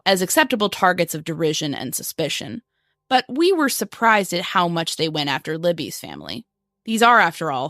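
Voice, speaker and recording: A young adult woman co-hosting a podcast, narrating from a script in a measured way. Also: low voice, no room sound, studio quality. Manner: measured, reads quotes aloud flatly. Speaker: podcast co-host. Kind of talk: scripted true-crime narration.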